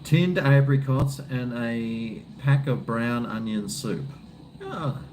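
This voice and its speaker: Middle aged aussie guy rambling on a beer stream, swears a lot, mid pitch, noisy background. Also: animated, slow pace. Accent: Australian. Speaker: live-stream host. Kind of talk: casual chat while drinking beer.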